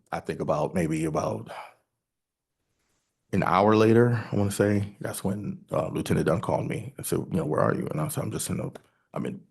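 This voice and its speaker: Low gravelly man giving halting testimony. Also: darkish tone. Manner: halting and hesitant, often breaking off and restarting. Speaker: witness testifying at a hearing. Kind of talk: sworn testimony recounting events.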